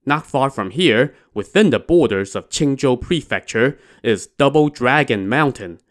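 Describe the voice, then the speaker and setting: A man's voice: mid-range voice, animated, unhurried, lightly acted. A man voicing a helpful male villager who chats and confides advice.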